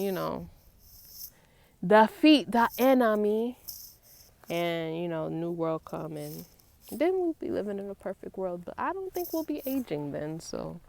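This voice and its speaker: A woman's voice: lowish voice, unhurried, gravelly, dry recording. Twenty-something woman vlogging, chatty and playful, dead dry mic sound. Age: 20s. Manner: animated, talks to her child while filming; playful, acts out grandkids and her mother. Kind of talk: casual chat to camera.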